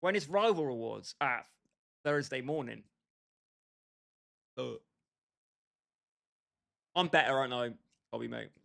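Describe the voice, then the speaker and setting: A man's voice: mid-range voice, lively intonation, measured pace, gravelly, pauses often, a bit bright. A young man livestreaming a football game, bantering and joking with his chat and calling viewers by name. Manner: bantering, jokey, talks straight to chat by name. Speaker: gaming livestreamer.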